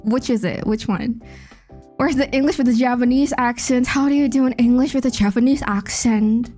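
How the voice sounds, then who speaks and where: A young woman chats casually with her livestream viewers. She greets people by name, rambles in a friendly way and drops giggly asides. Soft music runs quietly behind her. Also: sits high, fairly even intonation, brisk. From Indonesia. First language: Indonesian. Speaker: VTuber streamer.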